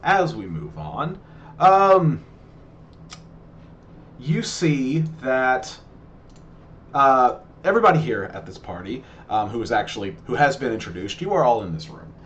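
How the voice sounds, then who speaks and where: Game master, male; slow, easygoing narrator. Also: mid-range voice, lo-fi sound, a little hiss or hum. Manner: relaxed, many fillers.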